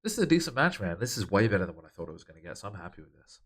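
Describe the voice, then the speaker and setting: A man hosting a casual wrestling management game commentary, reading out match results in a relaxed, matter-of-fact way. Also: on the low side, rapid-fire. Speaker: host.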